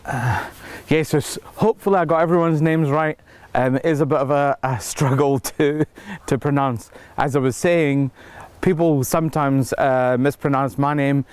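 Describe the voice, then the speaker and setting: A man's voice: a little high, steady tone, a little mellow, smooth, dry recording. Chatty man reading names outdoors. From South Africa. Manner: halting, reading names slowly with many fillers. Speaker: filmmaker thanking backers. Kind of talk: casual video update. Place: outdoors in cold woods.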